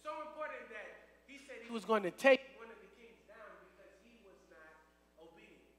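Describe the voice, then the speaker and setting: High-voiced man preaching in an echoing hall. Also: lively intonation, brisk, fairly bright tone. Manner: conversational, checks in with the crowd often. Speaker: youth minister. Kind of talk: casual youth sermon. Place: church service hall. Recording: long reverb in a hall.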